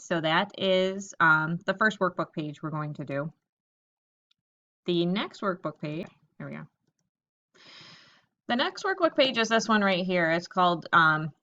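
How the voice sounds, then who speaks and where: A woman teacher giving a recorded lesson to young children, reading example sentences slowly and thinking aloud about each one. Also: on the low side, a bit bright, muffled recording.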